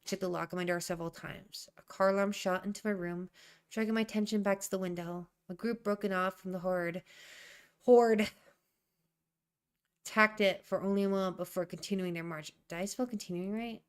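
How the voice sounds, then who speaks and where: A woman's voice: mid-range voice, fairly even intonation, quick pace, clear, resonant tone. A young woman thinking aloud while she edits a draft, rereading her sentences and ranting in asides. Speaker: writer streaming a writing session.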